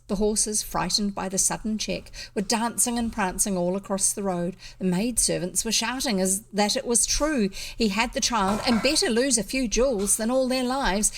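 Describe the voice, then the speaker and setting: A woman with a New Zealand accent reading a classic children's novel aloud in a relaxed way, with small asides and restarts. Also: a little high. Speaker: audiobook reader.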